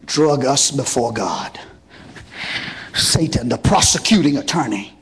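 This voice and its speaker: A man preaching a sermon in a rhythmic call-and-response style, building up to shouted passages. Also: medium pitch, expressive, measured pace, long pauses, husky.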